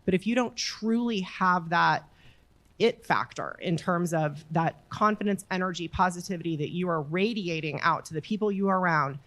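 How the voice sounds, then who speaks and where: Woman, very low voice, earnest, emphatic, motivational panel talk. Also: moderate pace, fairly bright tone. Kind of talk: panel discussion advice. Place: conference room with audience.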